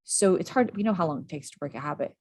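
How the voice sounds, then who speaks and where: Give me an animated woman coach with a lowish voice, chatting fast about parenting. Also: husky. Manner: animated, quick, acts out quoted lines. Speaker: parenting and school behavior coach. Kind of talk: casual interview talk.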